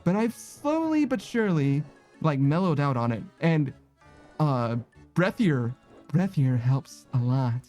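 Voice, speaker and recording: A man's voice: on the high side, big pitch swings, measured pace, a little mellow, soft background music. A man casually chatting with viewers while he plays a game, rambling, self-conscious and laughing often. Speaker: streamer.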